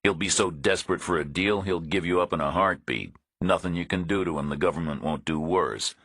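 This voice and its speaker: A man doing a blunt, deep-voiced tough hero. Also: brisk, slightly rough, no echo, studio quality, exaggerated voice. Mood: threatening. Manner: flat, menacing, matter-of-fact. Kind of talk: audiobook character voice.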